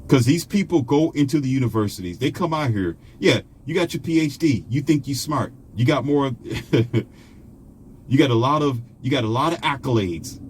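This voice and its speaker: A man's voice: medium pitch, expressive, fairly quick, hardly any pauses, slight background noise. A man delivering a confrontational, mocking monologue to his viewers, scolding them and preaching his own predictions. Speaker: online commentator. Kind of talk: ranting monologue.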